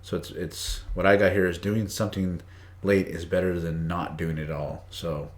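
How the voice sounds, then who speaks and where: Recorded in an echoey room, a deep-voiced man teaches English idioms on a casual live stream, speaking at a normal speed with a flat delivery. He chats, greets viewers by name and reads the chat aloud.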